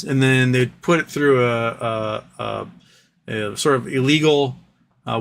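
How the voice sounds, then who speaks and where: A man hosting a livestream, telling stories in a casual, animated way and putting on mock voices for the people he quotes. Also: medium pitch, slight background noise. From United States. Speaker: livestream host.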